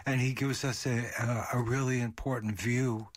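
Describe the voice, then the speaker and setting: A male radio host introducing his guest, speaking haltingly with many filler sounds. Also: medium pitch, steady tone, dry recording, clean studio sound.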